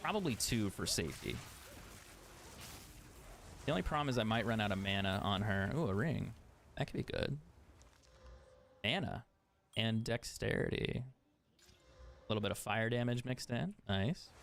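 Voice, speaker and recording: A man's voice: fairly low pitch, expressive, unhurried, long pauses, fairly bright tone, a little hiss or hum. Laid-back swearing gaming streamer guy. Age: adult. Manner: laid-back, swears often, laughs at himself. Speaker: game streamer. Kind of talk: casual chat while gaming.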